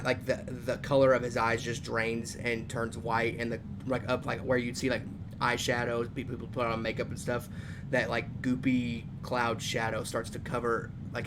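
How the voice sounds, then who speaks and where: A man playing a tabletop game, describing his character and often hesitating as he searches for words. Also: mid-range voice. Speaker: player. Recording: noisy background.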